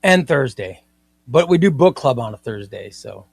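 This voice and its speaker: A man hosting a comics live stream, chatting in an excitable, rambling way and often repeating himself. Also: mid-range voice, normal speed, creaky, breathy edge, no echo. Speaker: comics livestream host. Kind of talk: casual live-stream chat.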